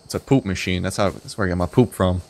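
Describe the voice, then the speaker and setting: A man's voice: low voice, quick pace, vocal fry. A man joining a gameplay video as guest, goofy and playfully melodramatic. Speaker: guest player. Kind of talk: casual gameplay banter.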